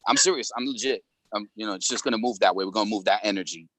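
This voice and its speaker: A man's voice: on the low side, very fast, fairly bright tone, no room sound. A middle-aged man talking openly as a panel guest in a casual conversation, emotional and laughing often, with many fillers.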